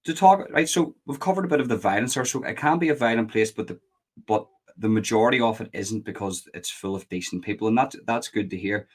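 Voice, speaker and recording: A man's voice: fairly low pitch, fast. A man hosting a casual interview, asking curious questions with some stammering restarts. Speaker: interview host.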